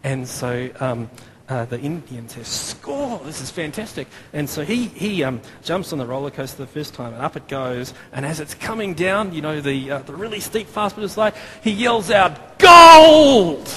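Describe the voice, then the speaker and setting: A man's voice: a little high, moderate pace. An Australian man in his thirties gives a chatty, self-deprecating sermon in a church, with many fillers and restarts. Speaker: preacher. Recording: long hall reverb, faint room noise.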